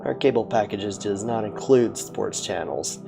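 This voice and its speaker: A prim, formal butler from a game, voiced low and measured by a man. Overly courteous in every word, over faint game music. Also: gravelly. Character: stiff formal male butler.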